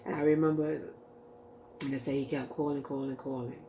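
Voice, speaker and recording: A woman's voice: a bass voice, little pitch movement, moderate pace, mellow, a little hiss or hum. A woman vlogger casually telling a personal story, rambling with lots of fillers and acting out what people said. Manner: rambling, heavy use of "like" and "you know"; acts out quoted lines in her retelling.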